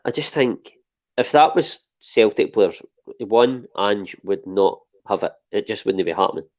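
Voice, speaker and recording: A man with a Scottish accent co-hosting a casual football podcast, speaking in a measured way with the odd sigh. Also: lowish voice, expressive, a little mellow, dull audio. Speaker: podcast co-host.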